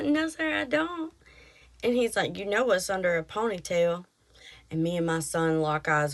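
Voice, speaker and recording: A middle-aged woman, hosting a podcast and chatting through an animated story. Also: lowish voice. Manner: chatty, animated retelling with quoted voices. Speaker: podcast host. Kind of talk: casual storytelling.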